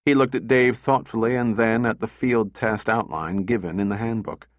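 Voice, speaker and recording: A man's voice: lowish voice, fairly even intonation, normal speed, few pauses, no echo, highs cut off. Man narrating a story, dry sound. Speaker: audiobook narrator. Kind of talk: scripted narration.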